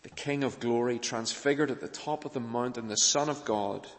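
A man preaching a sermon in a church, earnest, pressing hard on key points and then falling soft and low. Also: moderate pace. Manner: earnest, rising to urgent emphasis then dropping soft. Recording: long reverb of a church hall.

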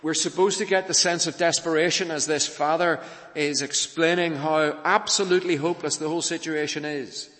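A man preaching a sermon in a church, earnest, pressing hard on key points and then falling soft and low. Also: steady tone, brisk. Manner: earnest, rising to urgent emphasis then dropping soft. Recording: long reverb of a church hall.

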